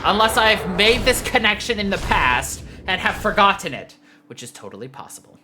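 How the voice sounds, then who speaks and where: Animated, joking game streamer. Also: mid-range voice, moderate pace, slight background noise. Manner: joking, self-mocking, swears freely. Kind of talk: casual gameplay commentary. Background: game music.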